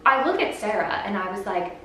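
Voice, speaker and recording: A woman's voice: medium pitch, brisk. Chatty young woman in an echoey room. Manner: chatty, heavy use of "like", animated retelling. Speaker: vlogger and podcast host. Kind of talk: casual storytelling chat. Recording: very echoey room, voice from a distance, faint background noise.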